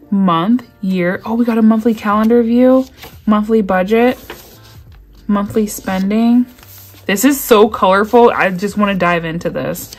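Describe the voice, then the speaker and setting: A woman chatting excitedly as she unboxes gifts sent by a friend, gushing, gasping and laughing often. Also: mid-range voice. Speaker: YouTube creator unboxing mail.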